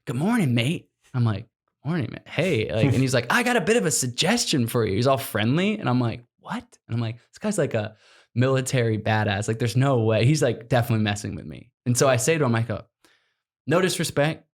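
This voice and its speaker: Animated man telling a story. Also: mid-range voice, quick pace. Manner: animated storyteller, acts out quotes, laughs often. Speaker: guest, explorer. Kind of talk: storytelling in a podcast interview.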